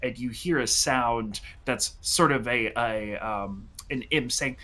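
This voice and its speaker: Man, dungeon master, bright tone, hesitant, lots of ums. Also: mid-range voice, takes it slowly, few pauses. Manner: hesitant, many fillers. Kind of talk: narrating a tabletop game.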